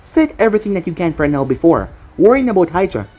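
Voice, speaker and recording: A cocky, overpowered young ninja man, casual and matter-of-fact in a storybook reading, as a woman narrator reads his lines. The voice sits low for a woman, and it swings a lot in pitch. It has a husky edge. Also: sing-song, fast talker, dark tone, faint music behind.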